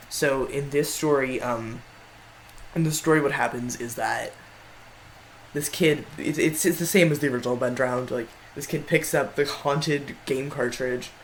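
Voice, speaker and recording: A man's voice: mid-range voice, slight background noise, low-quality recording. A man giving casual tier-list commentary in a rambling way, often stopping to correct himself. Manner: rambling, frequent self-corrections. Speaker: video creator.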